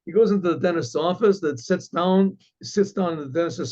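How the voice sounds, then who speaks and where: A man, a rabbi, telling a story in a halting way, with restarts and frequent throat clearing. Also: high voice, darkish tone, muffled recording, a little hiss or hum. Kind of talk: oral storytelling.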